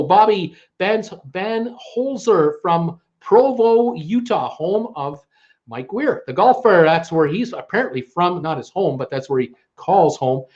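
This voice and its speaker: A man's voice: high voice, a little mellow, highs cut off. Chatty Canadian man hosting a livestream. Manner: chatty, welcoming, stumbles over names. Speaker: livestream host. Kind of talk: live-stream chat, reading viewer comments aloud.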